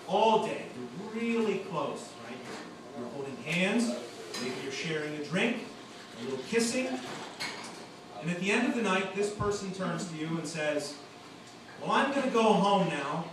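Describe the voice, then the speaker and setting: A male comedian works an open mic stage with a high, lively voice that leaps between registers and bursts out loud on the punchlines. He's picked up from a distance in a very echoey supper club. Room noise and laughter sit clearly behind him. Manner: animated, punchy delivery with sudden loud outbursts. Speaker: stand-up comedian. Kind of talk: open mic stand-up set. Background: audience laughter and club ambience.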